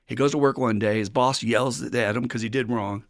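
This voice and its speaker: Blunt older man with a gravelly voice. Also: mid-range voice, fairly even intonation, normal speed, no room sound, clean studio sound. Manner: blunt, plainspoken, swears casually, acts out quoted voices. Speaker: podcast host. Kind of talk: recovery podcast monologue.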